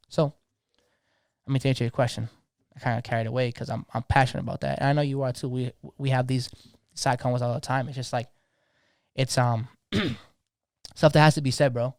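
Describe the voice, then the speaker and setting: A man's voice: mid-range voice, steady tone, fast talker, no room sound, studio quality. A young man, talking passionately in a slangy, casual podcast conversation, often repeating words as he gets going. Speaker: DJ guest.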